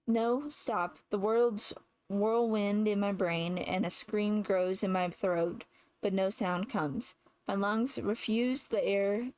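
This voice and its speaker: A woman narrating a first-person novel aloud in a measured way, now and then rereading a slipped word. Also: medium pitch, darkish tone, dry recording, poor audio. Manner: measured, with occasional slips and rereads. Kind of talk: first-person audiobook reading.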